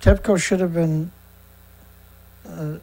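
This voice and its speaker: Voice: medium pitch, fairly even intonation, slow pace, creaky, darkish tone, poor audio. A host of a daily news show reads news excerpts aloud and comments on them in a sarcastic, indignant way, often stumbling and repeating words.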